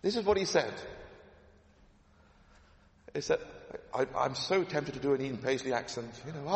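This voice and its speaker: A man's voice: medium pitch, expressive, moderate pace, long pauses. A man preaching a sermon, emphatic, repeating his key phrases and asking rhetorical questions. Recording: echoey hall with long reverb.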